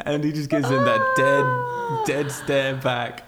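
A man's voice: fairly high pitch, sing-song, measured pace, pauses often, a bit bright, slight background noise. A man co-hosting a casual movie podcast, laid-back and wry as he recaps scenes. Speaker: podcast co-host.

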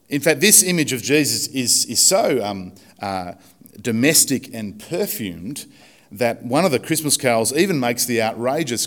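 Guy pastor giving a chatty sermon, lots of ums and restarts, jokey. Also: medium pitch. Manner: chatty and self-deprecating, with many fillers and restarts. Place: church.

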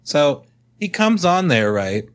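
A man's voice: fairly high pitch, very animated, slow pace. A young man co-hosting a podcast, talking bluntly in crude, casual banter and trash-talking freely. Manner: blunt, swears, trash-talks. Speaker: podcast co-host.

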